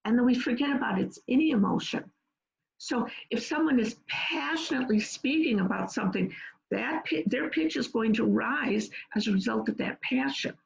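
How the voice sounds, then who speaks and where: A woman's voice: fairly high pitch, lively intonation, normal speed, gravelly, highs cut off. A woman presenting an online workshop, explaining things earnestly and step by step. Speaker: webinar presenter on peer support.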